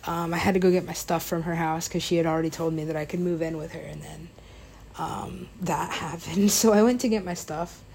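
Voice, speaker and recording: A woman's voice: on the low side, steady tone, a little fast, vocal fry, darkish tone, a little hiss or hum. A young woman casually telling a personal story, rambling with lots of fillers, laughing and swearing along the way.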